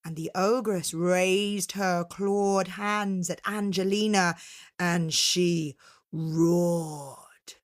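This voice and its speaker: A woman storyteller telling a fairytale to children in a dramatic, expressive way. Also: fairly low pitch. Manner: dramatic, unhurried, with voiced characters.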